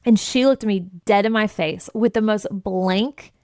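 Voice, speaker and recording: A woman's voice: mid-range voice, a little slow, darkish tone, dry recording, studio quality. A woman hosting a podcast who tells stories with lots of expression, swears freely and acts out conversations in different voices. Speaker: podcast host and business coach. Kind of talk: candid storytelling monologue.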